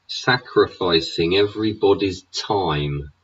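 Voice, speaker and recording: A man's voice: deep voice, takes it slowly, fairly bright tone, husky. A man hosting his own show, ranting with constant swearing and tag questions like "innit". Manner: swears constantly, rhetorical tags like "innit" and "yeah". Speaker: show host. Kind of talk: profane ranting monologue. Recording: dull lo-fi recording.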